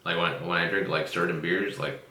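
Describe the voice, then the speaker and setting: A man's voice: low-pitched, fairly even intonation, a little fast, sharp tone. A man hosting a casual podcast chat, swearing freely and laughing often as he tells stories. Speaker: podcast host. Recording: roomy echo.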